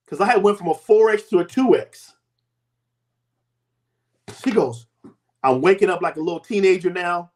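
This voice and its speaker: Man in his 50s, high voice, guest telling a story with animated voices for the people in it. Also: brisk. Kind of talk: personal testimony.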